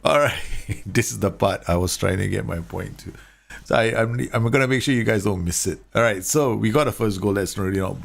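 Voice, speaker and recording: A man's voice: on the low side, vocal fry. Chatty man breaking down game tactics. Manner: chatty, explains to viewers, laughs at own slips. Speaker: gaming YouTuber reviewing tactics. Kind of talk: casual football game tactics commentary.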